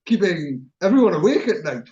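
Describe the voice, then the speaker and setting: High-voiced chuckling man. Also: moderate pace, highs cut off. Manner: animated storyteller, chuckles at himself. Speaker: radio show host. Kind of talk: casual chat.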